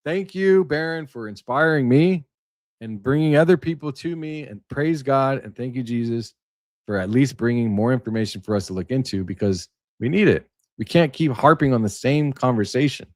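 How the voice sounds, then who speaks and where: A man's voice: medium pitch, expressive, normal speed, dry recording, studio quality. A man hosting a casual livestream, rambling and emphatic, reading aloud and then riffing on it. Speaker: livestream host. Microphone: webcam setup.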